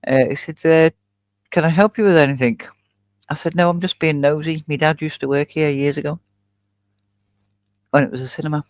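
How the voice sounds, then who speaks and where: A man spins a rambling anecdote in a relaxed group chat, laughing at his own story as he goes. His voice sits fairly high for a man. The sound is dry and close, with no room around it. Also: brisk, pauses often, no echo. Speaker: YouTube channel host. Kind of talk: casual chat.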